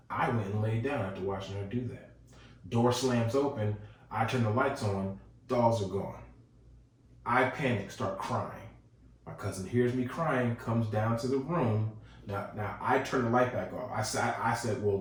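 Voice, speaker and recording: A man hosting a podcast, telling a ghost story in a casual, animated way and chuckling as he goes. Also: on the low side, measured pace. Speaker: podcast host. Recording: echoey room, distant mic.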